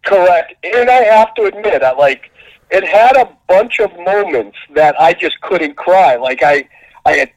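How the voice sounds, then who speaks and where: Excitable high-voiced man, gushing. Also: measured pace, no room sound, lo-fi sound. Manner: excitable, gushing, jumps in pitch. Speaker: podcast co-host. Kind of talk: casual movie chat.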